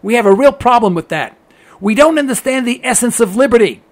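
A political commentator from the United States, his voice very high-pitched, lively in intonation and a little fast, delivers a radio-style monologue full of opinion. Emphatic and sarcastic, he keeps repeating his points to hammer them in.

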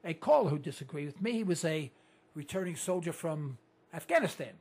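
Hoarse, husky New radio host ranting. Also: male voice, a little high, a little fast. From New York. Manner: animated ranting, mocking voices, sudden loud outbursts. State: going hoarse. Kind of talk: ranting call-in radio monologue.

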